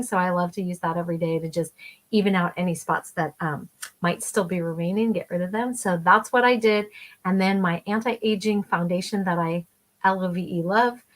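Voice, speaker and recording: Middle-aged woman, chatty makeup vlogger, upbeat, mid-pitched voice. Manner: chatty, enthusiastic, talks while applying makeup. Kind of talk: casual makeup tutorial.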